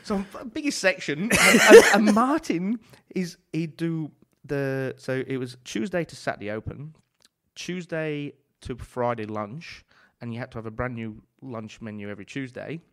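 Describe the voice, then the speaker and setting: A man's voice: mid-range voice, expressive, normal speed, few pauses. A man, a chef and author, telling long rambling stories in a casual podcast chat, full of "like" and swearing.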